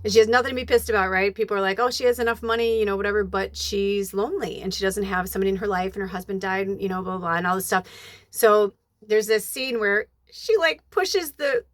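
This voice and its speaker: A woman giving a casual spiritual reading who rambles with many fillers and bursts into high acted-out quotes. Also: fast talker, dry recording.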